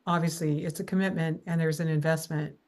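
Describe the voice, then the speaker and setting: Woman host with a lowish voice; chatty, encouraging conversationalist. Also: steady tone, brisk, darkish tone. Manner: chatty, encouraging, tells anecdotes. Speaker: podcast host. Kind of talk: casual conversation.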